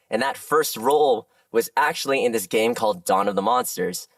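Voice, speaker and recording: A man who works as a voice actor, chatting as a guest in a casual podcast interview and telling animated stories with frequent laughs. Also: medium pitch, moderate pace, gravelly, no echo, far from the mic.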